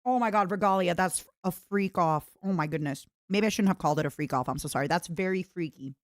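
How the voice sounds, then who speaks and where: A young adult woman streaming, chatting casually with her viewers and slipping into squeaky impressions of friends. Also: fast, dry recording, studio quality. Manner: animated, bursts into high-pitched imitations. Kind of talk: casual chat with chat readers.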